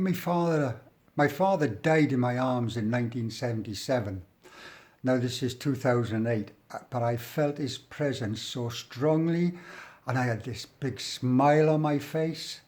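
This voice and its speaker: A man's voice: mid-range voice, darkish tone. A middle-aged man with a working-class English accent tells his own story in a loose, rambling way. He is blunt and swears freely, and he often slips into the present tense as he talks. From England. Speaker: storyteller recounting his prison life. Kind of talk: casual spoken storytelling.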